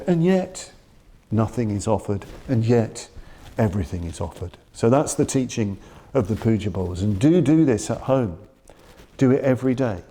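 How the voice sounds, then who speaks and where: Man, Buddhist teacher, dharma talk, lowish pitch, mellow tone, reflective. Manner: reflective, earnest, quoting his teacher with slow emphasis. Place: shrine room.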